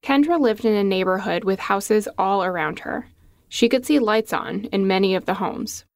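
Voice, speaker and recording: A woman giving scripted documentary narration in a measured, even delivery. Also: medium pitch, no room sound. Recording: dry studio voice-over with faint music.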